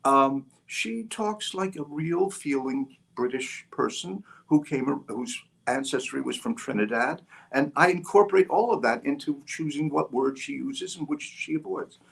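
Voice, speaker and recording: An older man, a guest author on an interview podcast, talking in an animated storytelling way with frequent restarts and fillers. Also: mid-range voice, unhurried, creaky, few pauses, breathy edge. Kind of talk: interview conversation.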